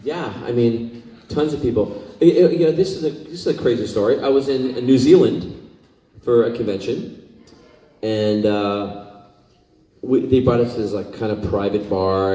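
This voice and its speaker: A man telling stories as a convention panel guest, lively and laughing often as he acts out what people said. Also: lowish voice, normal speed. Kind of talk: anecdotal storytelling on stage. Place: large convention hall. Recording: echoey hall, mic far off.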